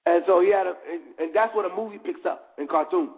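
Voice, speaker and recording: A man's voice: high-pitched, fast talker, poor audio. A man hosting a show, preaching in a casual, conversational way and constantly checking in with his listeners. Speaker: host.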